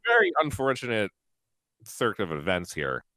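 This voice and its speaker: A male guest on a stream, explaining his view in a measured way during a casual chat. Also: lowish voice, wildly swooping pitch, sharp tone, no room sound. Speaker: guest commentator.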